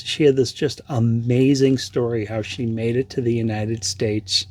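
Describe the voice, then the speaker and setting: A man vlogging, telling a personal story in a reflective, halting way with restarts. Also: medium pitch, a little mellow. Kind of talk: casual storytelling.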